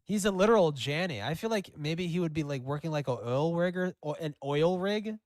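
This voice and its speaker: A man's voice: fairly high pitch, lively intonation, a little fast, no echo, faint music behind. A man giving casual gameplay commentary, crude and mocking, laughing often. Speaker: gaming commentator.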